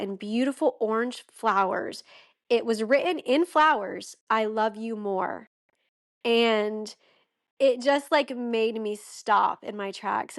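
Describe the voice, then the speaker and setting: A woman's voice: fairly high pitch, vocal fry. A young woman, a podcast guest, telling a heartfelt personal story with many "like"s and "um"s. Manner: emotional, heartfelt, frequent "like" and "um".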